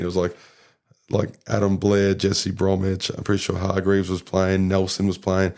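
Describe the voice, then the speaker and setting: A man's voice: low-pitched, monotone, normal speed, creaky. A young Australian man, a podcast guest, telling a story in casual chat and rambling with lots of fillers. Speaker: podcast guest, rugby league player.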